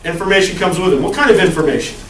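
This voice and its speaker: A man's voice: high-pitched, very fast, fairly bright tone, slight background noise. A male college lecturer giving a conversational classroom lecture and asking the class questions. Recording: echoey classroom, far from the mic.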